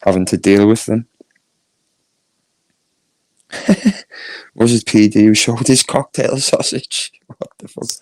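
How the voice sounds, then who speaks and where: A man's voice: lowish voice, slow, long pauses, a little mellow, no echo. A man with a Northern English accent chatting casually on a live stream, laughing often and reading chat comments aloud. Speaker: YouTube streamer.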